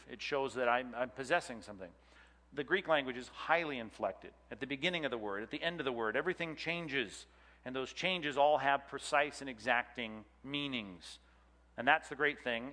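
Bright-voiced man teaching a Bible class. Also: mid-range voice. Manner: asks the class questions, spells out words letter by letter. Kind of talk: classroom lecture.

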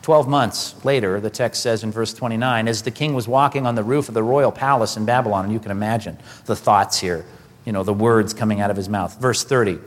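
A man preaching a sermon, building to emphatic, animated peaks. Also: fairly low pitch, fairly quick. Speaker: pastor. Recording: hall reverb.

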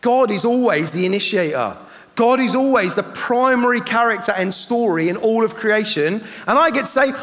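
Guy preaching, high voice, fired up then going quiet, big hall echo. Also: animated, moderate pace. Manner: impassioned, swings between loud and hushed. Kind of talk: sermon. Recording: hall reverb.

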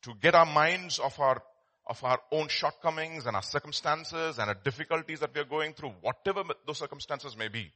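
A man's voice: on the high side, fairly quick, sharp tone. A man preaching a sermon as pastor, telling stories in a conversational way with many fillers and restarts.

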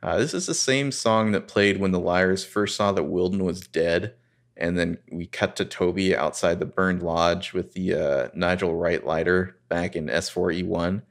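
A man's voice: sits low, fairly even intonation, normal speed, vocal fry. A man hosting a podcast, recapping a TV episode in a casual, rambling way with crude humor. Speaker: podcast host.

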